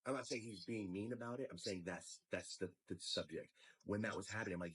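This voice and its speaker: A man's voice: fairly low pitch, fast, a bit bright, husky, rough recording. A man retelling a dispute in an exasperated storytelling rant, acting out the lines of others. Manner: exasperated, acts out quoted lines.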